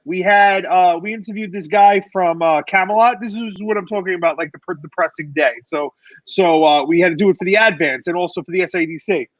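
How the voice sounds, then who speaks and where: A male host with a notably high voice leads a loose, joking chat. He jumps in to tease and steer the talk. The sound is dry and a bit dull. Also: fairly quick, no room sound. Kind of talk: casual chat.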